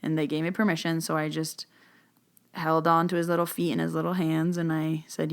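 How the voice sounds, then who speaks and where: A woman's voice: low voice, level tone, brisk, gravelly. A woman hosting a podcast, telling a personal story in a casual, chatty way, full of fillers like "like" and "you know," and livening up when she quotes other people. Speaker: podcast host.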